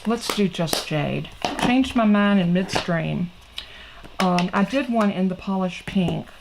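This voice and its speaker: A woman's voice: on the low side, slow, gravelly, background noise. A middle-aged woman, hosting a casual craft tutorial in a chatty, folksy way and talking straight to her viewers. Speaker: crafting channel host.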